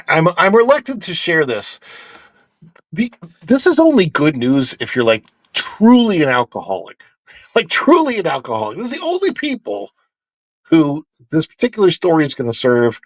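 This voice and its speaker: Gravelly animated livestream host man. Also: medium pitch, no echo. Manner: animated, joking, talks to chat. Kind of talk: casual news chat.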